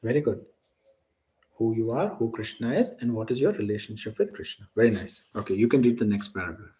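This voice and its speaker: A man's voice: lowish voice, brisk, warm tone, slight background noise, poor audio. A man teaching a scripture class, asking students questions and often checking in with "right?".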